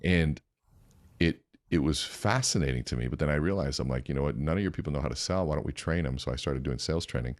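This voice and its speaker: A man's voice: a bass voice, quick pace, no echo, clean studio sound. A man telling stories as a podcast guest, with energy and acting out the dialogue. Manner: energetic, acts out dialogue in his anecdotes. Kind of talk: animated storytelling.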